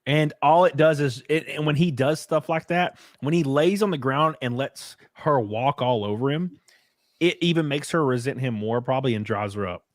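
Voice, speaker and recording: A man talking as a guest in a casual livestream chat, relaxed and joking. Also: mid-range voice, normal speed, no echo, clean studio sound.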